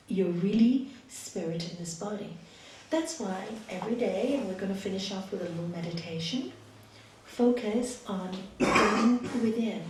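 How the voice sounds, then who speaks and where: Expressive woman teaching in an echoey hall. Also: mid-range voice, slight background noise. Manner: expressive, lively, with laughs and hushed asides. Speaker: yoga teacher. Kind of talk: spiritual talk with storytelling. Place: meditation hall. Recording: echoey room from a distant mic.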